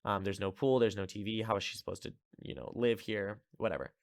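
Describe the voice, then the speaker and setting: A man with a fairly low voice talks through a movie plot in a loose, chatty way, dropping "like" everywhere and sounding amused. The recording is dry and close, with no room sound. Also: steady tone, brisk, gravelly, no room sound. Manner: chatty, lots of filler "like", amused. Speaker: podcast host. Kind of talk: casual movie recap.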